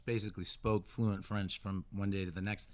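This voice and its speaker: Halting, low-voiced American man. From United States. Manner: halting, many restarts, animated asides. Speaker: musician guest. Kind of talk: casual radio interview.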